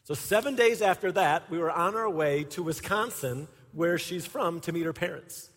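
A man's voice: sits high, moderate pace, a bit bright. A man in his forties, a pastor, telling a humorous personal story to his congregation with laughter along the way. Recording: echoey hall.

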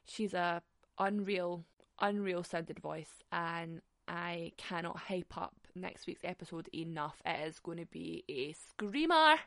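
A woman's voice: lowish voice, expressive, slow pace, creaky, fairly bright tone, no echo. A young Scottish woman hosting a podcast on her own, talking frankly and swearing freely, with frequent laughs. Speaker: podcast host. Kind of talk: casual solo podcast chat.

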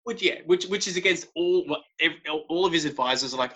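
A man's voice: a little high, expressive, quick pace, few pauses, fairly bright tone, poor audio. A man co-hosting a podcast, retelling myths in a laid-back, slangy way with casual swearing. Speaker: podcast co-host. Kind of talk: casual storytelling chat.

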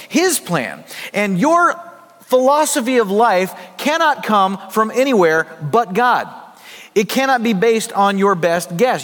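High-voiced pastor preaching in a reverberant hall. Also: male voice, a bit bright. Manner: conversational preaching with acted asides. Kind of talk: sermon.

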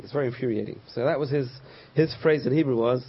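Male rabbi, husky voice, storytelling lecture that acts out quotes; lo-fi recording. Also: medium pitch, fast. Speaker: rabbi teaching a class. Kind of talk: Torah class lecture.

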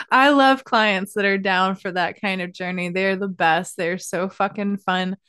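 A woman hosting a casual podcast interview, relaxed and encouraging, laughing often. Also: mid-range voice, slow pace, clean tone, dry recording, studio quality. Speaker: podcast host. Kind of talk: casual chat.

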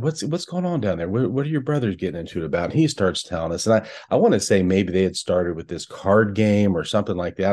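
A man's voice: sits low, darkish tone. A middle-aged man co-hosting a podcast, telling a story in casual chat and laughing often. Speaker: podcast co-host.

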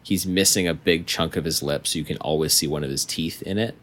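A young man narrating a tabletop game as game master, slow and hesitant with many pauses. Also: extremely low pitch.

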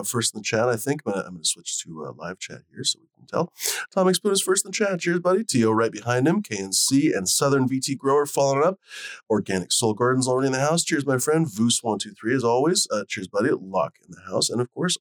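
A man's voice: mid-range voice, dry recording. A man hosting a casual livestream, rambling with lots of fillers and casual swearing. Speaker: host. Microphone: desk mic on a live video call.

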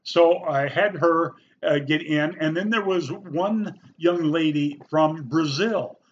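A man's voice: a little high, slow. A middle-aged man, a former youth pastor, telling a personal story in an earnest, folksy way. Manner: folksy, earnest, animated when quoting people. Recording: slightly dull, faint background noise.

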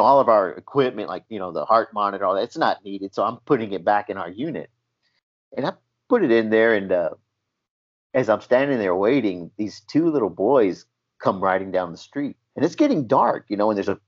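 A man's voice: fairly low pitch, lively intonation, brisk. A man telling a story from his work as a paramedic, acting out the quotes. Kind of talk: casual storytelling. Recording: dull lo-fi sound.

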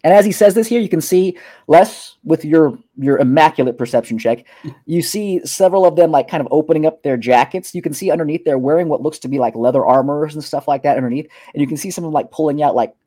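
A young man runs a tabletop game as game master in a loose, rambling style full of fillers. His voice sits a touch high with a soft, mellow tone. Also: quick pace.

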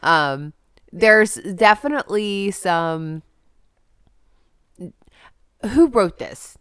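A woman co-hosting a casual podcast, talking in an animated way with quick asides. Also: medium pitch, smooth, dry recording, studio quality. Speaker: podcast co-host. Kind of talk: casual chat.

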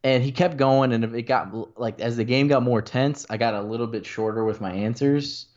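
A man's voice: mid-range voice, steady tone, normal speed, darkish tone, highs cut off. A young man co-hosting a sports podcast, telling a story casually and rambling with lots of filler words. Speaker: podcast co-host and sports reporter.

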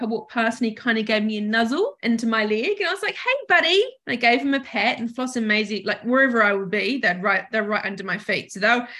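A woman's voice: fairly high pitch, fairly bright tone. A woman from New Zealand, a podcast guest, candidly telling a personal story and acting out the voices she quotes. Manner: candid, acts out quoted speech.

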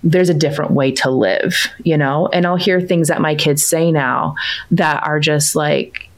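A woman with a low-pitched voice talks casually about her family as a coaching client. She fills her sentences with "like" and "you know" and gets animated when she quotes her children. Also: measured pace. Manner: chatty, lots of fillers like "like" and "you know", animated when quoting her kids. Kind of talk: casual conversational storytelling.

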